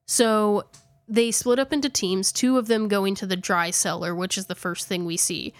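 A woman's voice: medium pitch, steady tone, normal speed, no echo. A woman host chatting casually, recapping a video with lots of fillers and self-corrections, a little out of breath. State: slightly out of breath. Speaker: podcast host. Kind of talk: casual chat recapping a ghost-hunting video.

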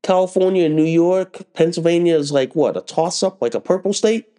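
A man's voice: fairly high pitch, fairly quick, warm tone. A man hosting a political podcast, ranting in a heated, profane, repetitive way while getting over a head cold.

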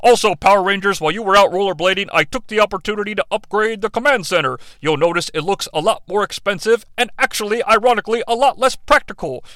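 A man's voice: high voice, quick pace, hardly any pauses, bright, forceful tone, no echo. A man doing a smug, lazy mentor. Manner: smug, lecturing. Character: lazy, self-satisfied male mentor giant face.

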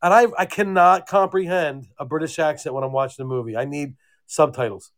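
A man's voice: fairly high pitch, brisk. A man co-hosting a podcast over a phone call, blunt and teasing, swearing freely. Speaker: podcast co-host. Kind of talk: casual chat.

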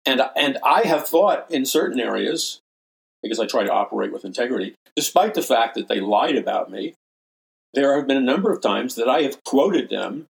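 A man's voice: mid-range voice, gravelly, rough recording. An older man, a minister and show host, giving impassioned preaching commentary and repeating phrases for emphasis.

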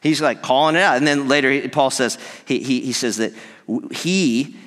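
A man, a pastor, gives a conversational sermon in an earnest, animated way, with fillers and small laughs. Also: medium pitch, normal speed, long reverb tail.

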